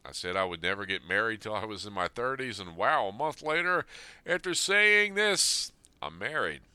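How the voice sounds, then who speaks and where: Man in his fifties with a low voice and a hard, forceful edge. He is earnest and plain-spoken, reading a letter aloud and then reflecting on it. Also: big pitch swings, moderate pace, clean tone, dry recording. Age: 50s. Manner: earnest, plain-spoken, speaking straight to his late father. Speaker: Army veteran sharing a personal letter.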